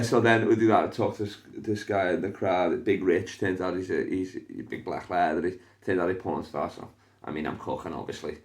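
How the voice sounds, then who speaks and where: Liverpool comedian-host, young, lowish voice, animated storyteller who swears freely. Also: male voice. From Liverpool, England. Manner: animated, swears a lot, acts out voices in his stories. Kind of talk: casual storytelling chat.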